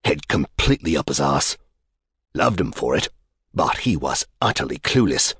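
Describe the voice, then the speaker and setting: A male narrator voicing a gruff, aging British collector with a husky, tobacco-ravaged voice and a blunt, profane manner. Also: extremely low pitch, very animated, normal speed, a bit bright, full character voice. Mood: blunt scorn.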